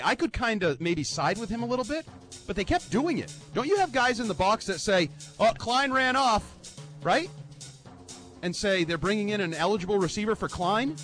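A man's voice: sits high, a bit bright. A man giving an emphatic, heated sports-talk rant as a football analyst, repeating his points for effect.

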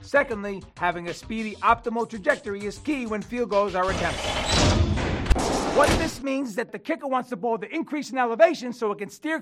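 High-voiced man hosting a kids' lesson. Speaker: kids' show science segment host. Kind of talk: scripted educational narration.

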